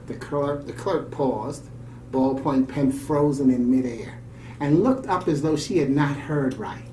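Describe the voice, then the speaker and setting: Guy on a show reading a story out loud, chiming in with his own comments, kinda far off the mic, faint background hum. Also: medium pitch, measured pace. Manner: warm, reflective delivery with off-the-cuff comments. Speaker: radio show co-host. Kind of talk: reading a story aloud with asides. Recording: roomy, distant mic, faint ambience.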